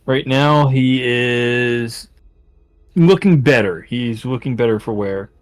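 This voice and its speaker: A man's voice: medium pitch, slow pace, soft background music. A man playing a tabletop game, casually describing what his character does, with many fillers. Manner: describes actions with many likes and uhs. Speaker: tabletop player.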